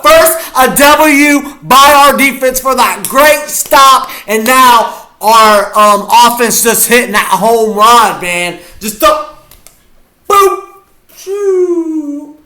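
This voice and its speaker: A man reacting to a football game as a fan, hyped and often shouting his cheers. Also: very high voice, expressive, drawn-out words. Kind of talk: live game reaction vlog.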